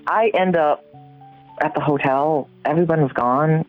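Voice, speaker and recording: Animated middle-aged woman telling her story. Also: measured pace. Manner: animated, acts out her own reactions with big pitch jumps. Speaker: guest. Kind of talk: personal storytelling. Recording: tinny phone-like sound with faint music.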